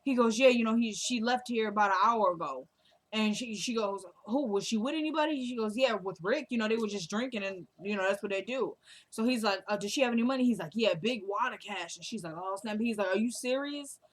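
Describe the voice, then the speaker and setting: A woman casually recaps a TV drama episode, telling the story in a chatty, loose way. She keeps slipping into the characters' lines with quick quoted asides. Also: mid-range voice. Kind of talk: casual recap, acting out dialogue.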